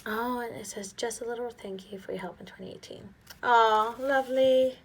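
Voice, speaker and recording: A young adult woman hosting an unboxing vlog, gushing and excitable, often dropping to a soft near-whisper. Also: medium pitch, fast, a little hiss or hum. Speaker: planner vlogger.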